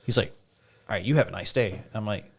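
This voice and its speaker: A man hosting a casual podcast chat, telling a story in an animated way with lots of laughing and filler words. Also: fairly low pitch, quick pace, gravelly, husky. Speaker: podcast host and stunt rider.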